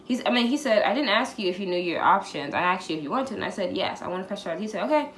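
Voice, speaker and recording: A woman's voice: mid-range voice, quick pace. A woman in her twenties telling a personal story on her vlog, candid and profane, acting out what people said to her. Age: 20s. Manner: candid, profane, animated retelling with acted-out quotes. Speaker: vlogger. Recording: echoey room, faint background hiss.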